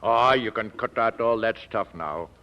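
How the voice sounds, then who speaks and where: A man's voice: on the low side, a little slow, lightly acted. A man playing teasing old grandpa. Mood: teasing, warm. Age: older. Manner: warm, teasing and easygoing. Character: kindly, indulgent old grandfather. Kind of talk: 1940s radio acting. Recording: dull old broadcast with long reverb.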